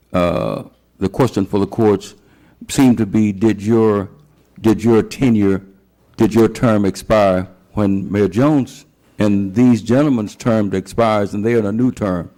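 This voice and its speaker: A man on a city council, asking questions in a halting way and repeating words as he frames them. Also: fairly low pitch, dark tone.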